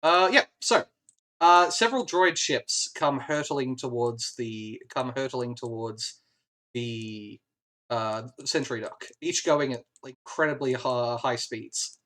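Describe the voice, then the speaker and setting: A game master runs a tabletop game in a mid-pitched voice. The speech rambles, with restarts and laughter. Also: slow pace, a bit bright.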